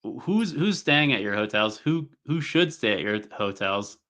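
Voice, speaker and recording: A man's voice: fairly low pitch, animated, measured pace, a bit bright. A man hosting an interview, asking questions in an encouraging way and repeating words as he starts them. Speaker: podcast host, interviewer.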